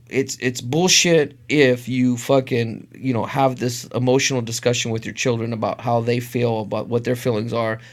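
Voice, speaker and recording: A middle-aged man co-hosting a podcast, telling stories in casual, profane, emphatic chat. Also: mid-range voice. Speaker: podcast co-host.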